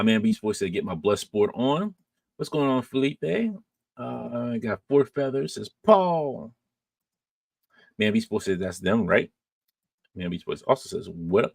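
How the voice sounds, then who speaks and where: A man hosting a podcast, casually reading and answering live chat comments in a relaxed, rambling way with many fillers and restarts. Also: on the low side, gravelly, no echo.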